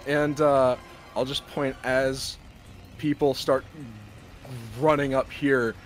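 Male game master, animated storyteller, slow steady pace, soft music under. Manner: animated, jumps into loud high voices for townsfolk. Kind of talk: narrating a tabletop game.

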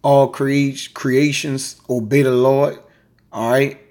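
A man teaching a quick, informal scripture lesson, reading verses aloud and peppering his talk with "man" and "all right". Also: mid-range voice, little pitch movement, darkish tone. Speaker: Bible teacher.

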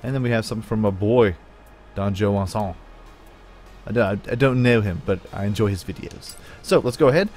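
A man's voice: lowish voice, fairly quick, darkish tone. A man giving playful let's-play commentary on a racing game, joking with his viewers and talking back to the game. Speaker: gaming YouTuber. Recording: game music and car sounds behind. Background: game music and engine noise.

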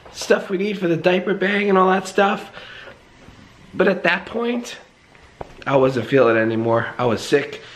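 A young man with a hoarse, sick-sounding, fairly high voice chats casually in a morning home vlog, clearing his throat often.

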